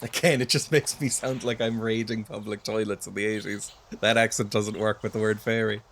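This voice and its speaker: A man's voice: on the low side, little pitch movement, fairly quick, vocal fry, slight background noise. A man narrating and playing a video game with dry, self-mocking humor. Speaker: gaming YouTuber. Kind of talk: let's play commentary with scripted narration.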